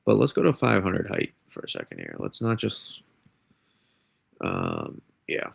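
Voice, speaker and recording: A man with a cold gives a weather forecast on a live stream, congested and rambling casually as he restarts and corrects his sentences. His low, gravelly, husky voice swings hugely in pitch at a measured pace, with no room sound.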